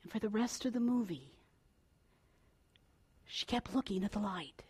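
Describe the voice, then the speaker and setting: An older woman preaching a sermon, telling a family story with swings between hushed and loud delivery. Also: medium pitch, lively intonation, measured pace, husky.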